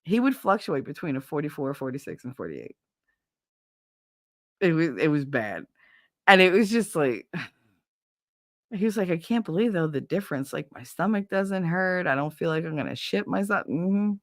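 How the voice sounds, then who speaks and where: A woman's voice: low-pitched, sing-song, moderate pace, pauses often, no echo, clean studio sound. A woman hosting a livestream, telling blunt, profane anecdotes with frequent laughter in casual chat. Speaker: livestream host.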